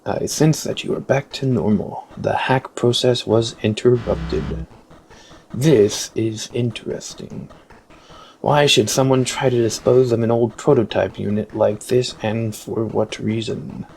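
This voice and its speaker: A man reading out the lines of a stern male robot overseer in a slow, flat, mechanical way, as he plays a video game. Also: medium pitch, vocal fry, slight background noise, rough recording. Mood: commanding. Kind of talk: reading game dialogue aloud.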